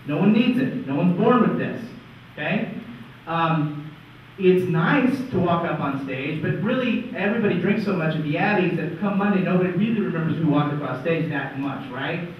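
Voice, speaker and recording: A man's voice: fairly high pitch, lively intonation, normal speed, a little hiss or hum. Wry male presenter in an echoey hall. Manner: wry, conversational, asks "right?" often. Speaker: conference presenter. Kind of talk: lively stage presentation. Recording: echoey hall, far-off dull mic.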